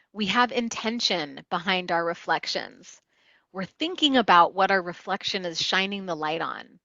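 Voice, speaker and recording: Woman, bright voice, calm teaching tone, dry slightly dull recording. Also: mid-range voice, dry recording. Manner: calm, explanatory, teaching step by step. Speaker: motivational interviewing trainer and wellness coach. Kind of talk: instructional talk.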